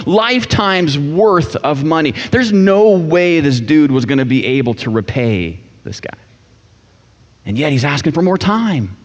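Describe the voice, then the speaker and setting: A man's voice: mid-range voice, big pitch swings, a little slow. A man preaching a sermon in a casual, joking way, acting out the people in a parable. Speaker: pastor. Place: church sanctuary. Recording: dull sound with long church reverb.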